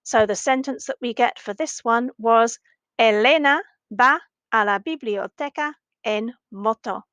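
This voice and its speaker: A woman teacher gives a recorded video lesson for children in a slightly high, unhurried voice. She repeats each sentence slowly and clearly. The recording is dry and close. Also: a bit bright, no room sound, highs cut off. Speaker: primary language teacher.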